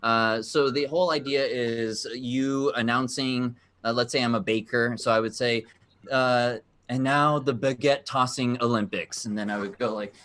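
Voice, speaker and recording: A man's voice: medium pitch, fairly even intonation, moderate pace, a bit bright. A man hosting a live virtual game show over a video call, upbeat and encouraging as he explains the rules.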